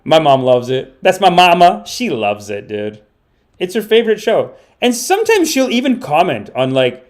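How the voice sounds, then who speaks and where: A man hosting a casual comedy podcast stream, rambling and animated, with the odd curse. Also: fairly high pitch, moderate pace. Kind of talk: casual livestream commentary.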